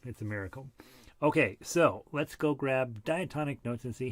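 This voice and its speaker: A man's voice: mid-range voice, moderate pace, no room sound. A middle-aged man leading a casual harmonica group lesson, chatty and self-deprecating, short of breath. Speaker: harmonica ensemble leader.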